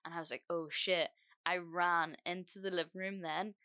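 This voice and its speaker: A young woman hosting a podcast, telling a story in an animated, swearing, laughing way. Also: fairly low pitch, brisk, clean tone. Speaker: podcast host. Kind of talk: storytime monologue.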